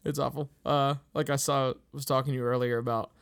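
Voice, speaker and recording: A young man from Pittsburgh chats casually as a co-host, a faint local accent under his words. His voice carries a gravelly edge and he laughs easily while telling stories. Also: medium pitch, little pitch movement, a little fast. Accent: slight Pittsburgh. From Pittsburgh, USA. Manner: chatty storyteller, laughs often. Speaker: podcast co-host. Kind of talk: casual chat.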